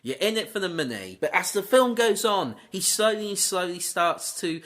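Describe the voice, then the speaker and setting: A man co-hosting a casual movie debate podcast, chatty and lively. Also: high-pitched, moderate pace. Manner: lively, chatty, slips into goofy quoted voices. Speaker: podcast co-host.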